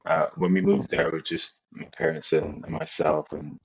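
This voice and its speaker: A young man from Nigeria, a football player, telling his story in a relaxed interview chat with many restarts. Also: very deep voice, normal speed, gravelly, breathy edge, no room sound. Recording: dull lo-fi sound.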